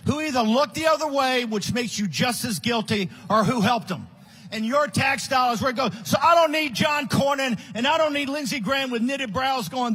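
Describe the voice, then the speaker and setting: A man rails at a conference crowd in a combative political speech, his raspy voice straining very high. The tone is sharp and bright, and he keeps tipping into shouts full of scorn. He sounds like a big hall speaker working the room. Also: moderate pace. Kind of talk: fiery political rally speech.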